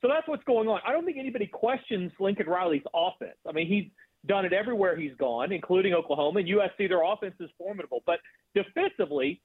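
A confident man calling in as a sports betting guest, his voice on the higher side. He talks in a promotional way, laying out his analysis. The call sounds tinny and dry, like a phone line. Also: fast talker, slightly rough, no echo.

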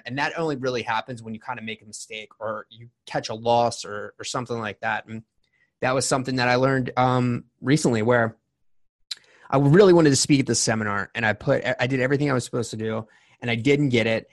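Brief: forties male podcast host, mid-pitched, candid and rambling. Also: brisk. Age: 40s. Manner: candid, rambling storytelling with many restarts. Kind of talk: casual interview chat.

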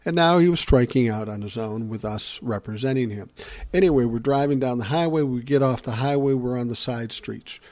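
A man's voice: mid-range voice, brisk, a little mellow, no room sound. A middle-aged man talking in a casual, rambling monologue, telling stories and cursing freely. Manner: rambling storyteller, swears freely.

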